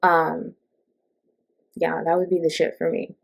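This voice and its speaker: Woman, middle-aged, low-pitched, sarcastic, rambling casual rant, many asides. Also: little pitch movement, a little slow, gravelly. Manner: chatty, sarcastic, lots of fillers and asides. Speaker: host. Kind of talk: casual ranting monologue.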